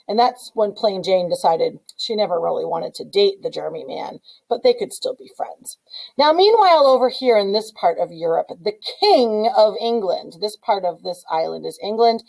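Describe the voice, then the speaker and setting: A woman's voice: medium pitch, creaky, darkish tone, poor audio. A middle-aged woman teaching with a playful, punning story, pointing out places on a map as she goes.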